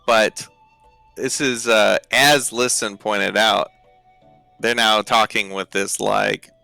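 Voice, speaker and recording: Gravelly slow-talking game master, a man. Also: fairly low pitch, fairly even intonation, bright, forceful tone, dry recording, faint music behind. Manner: halting, with many fillers and restarts. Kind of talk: running a tabletop game on stream.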